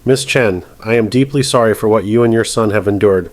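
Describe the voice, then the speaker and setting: A stern, unshakable judge, as a male narrator plays him, handing down words calm and precise. His low voice stays measured and final throughout. It belongs to a dramatized courtroom story. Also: no room sound, lightly acted. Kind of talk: scripted narration.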